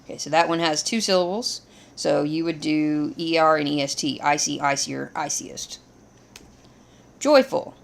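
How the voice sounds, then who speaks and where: Woman, low gravelly voice, patient grammar teacher walking through examples. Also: a little slow. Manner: steady, explains step by step. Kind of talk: grammar lesson.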